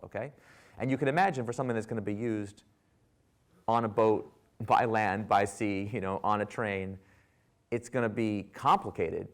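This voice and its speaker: A man in his thirties from the United States, giving a public talk with wry, animated storytelling that acts out dialogue. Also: on the low side, vocal fry. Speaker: author and speaker. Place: lecture hall with audience.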